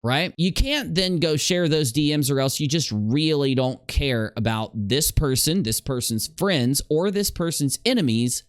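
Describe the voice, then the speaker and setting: A man's voice: a little high, expressive, a little slow, few pauses, no echo, clean studio sound. A man giving casual, sarcastic commentary while reading messages aloud, often exasperated and laughing. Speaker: drama commentary YouTuber.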